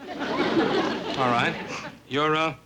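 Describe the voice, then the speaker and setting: A man's voice: a little high, steady tone, extremely slow, a loud crowd. A man playing a flustered young man who hides a secret, wisecracking and stammering nervously. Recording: hiss of old TV soundtrack.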